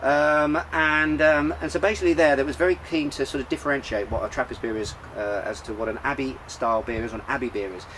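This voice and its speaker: A man's voice: mid-range voice, steady tone, quick pace, few pauses, fairly bright tone, a little hiss or hum, low-quality recording. A man hosting a casual beer show outdoors, talking in a rambling, chatty way with lots of fillers and restarts. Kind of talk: casual chat about beer. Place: outdoors in sunshine.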